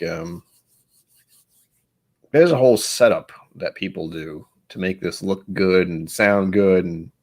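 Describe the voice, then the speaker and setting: A man hosting a casual whiskey-tasting livestream, rambling and self-deprecating as he thinks aloud. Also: on the low side. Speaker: whiskey channel host.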